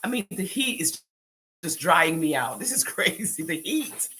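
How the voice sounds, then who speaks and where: A woman's voice: on the low side, lively intonation, unhurried, sharp tone, breathy edge, low-quality recording. A woman with a Jamaican accent doing a live-stream commentary, scolding people and talking back to her chat with patois phrases mixed in.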